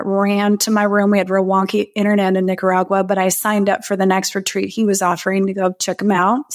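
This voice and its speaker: A woman guest in a podcast interview, telling a personal story in a heartfelt, emotional way and often restarting her sentences. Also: mid-range voice. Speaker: guest, breathwork facilitator.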